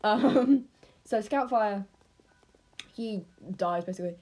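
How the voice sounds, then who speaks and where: A woman with an English accent talks through a story she has made up, without a script. She rambles and often stops to correct herself. Her pitch and pace stay at an everyday, middle level. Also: takes it slowly, dark tone. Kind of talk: unscripted casual storytelling.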